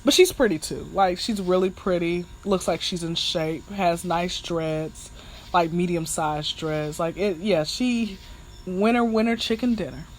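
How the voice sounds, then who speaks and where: A woman's voice: lowish voice, unhurried, a little hiss or hum. A woman hosting a candid solo podcast, telling frank stories with laughs and talking straight to her listeners. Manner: chatty and animated, addressing listeners as y'all. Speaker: podcast host.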